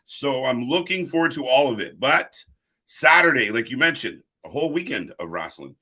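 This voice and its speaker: An upbeat man hosts a live wrestling stream and chats easily with his viewers. His voice is bright and forward at a middling pitch, and he talks casually into a desk mic, calling out chatters by name. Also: expressive, normal speed. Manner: upbeat, greets chatters by name, reads chat aloud. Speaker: host of a live wrestling watch-along stream.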